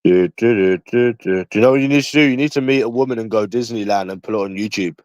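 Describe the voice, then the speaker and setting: A man's voice: fairly low pitch, quick pace, a little mellow, no room sound, muffled recording. A man with a London accent in rambling, casual livestream chat, crude and full of swearing.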